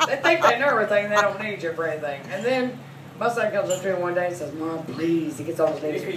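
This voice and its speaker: A woman's voice: on the low side, quick pace. A woman in her forties telling brash, profane comedy stories about her son and her massage clients, laughing through her lines. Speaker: massage therapist. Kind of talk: stand-up comedy storytelling. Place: comedy club. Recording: echoey room, mic from a distance, noisy.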